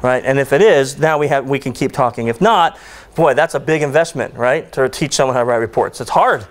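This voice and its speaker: A man's voice: mid-range voice, brisk. A man giving a conference talk, joking and ranting as he tells stories to the audience. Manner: joking, ranting, animated storytelling. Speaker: conference speaker. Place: conference hall.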